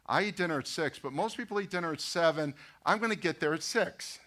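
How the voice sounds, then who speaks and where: A man's voice: on the high side, brisk. Storytelling pastor, middle-aged man. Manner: storytelling, animated anecdotes with quoted dialogue; addresses audience directly, rhetorical questions. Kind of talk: talk at a business luncheon.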